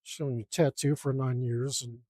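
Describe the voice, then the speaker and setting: A man's voice: mid-range voice, fairly even intonation, normal speed, darkish tone, no echo, clean studio sound. A young man inking a drawing, casually muttering and criticizing his own lines as he works. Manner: self-critical, mutters to himself while drawing. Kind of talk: casual work-along commentary.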